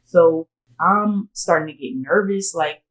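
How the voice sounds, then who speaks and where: Speaking slowly in a voice on the low side, a female podcast co-host shares a sobering, emotional personal story, animatedly acting out what people said and filling her talk with "like" and "I was like." The casual recording is reverberant and rough.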